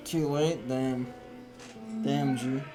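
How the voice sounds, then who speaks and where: A man's voice: medium pitch, drawn-out words. A young man chatting casually and telling rambling stories while he streams a game from home. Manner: relaxed, rambling storytelling. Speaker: live streamer. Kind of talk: casual chat while gaming. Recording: music playing behind.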